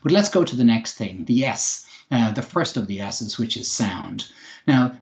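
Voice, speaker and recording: A man giving an online English lesson, explaining clearly with occasional fillers. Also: mid-range voice, animated, measured pace, darkish tone. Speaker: English teacher.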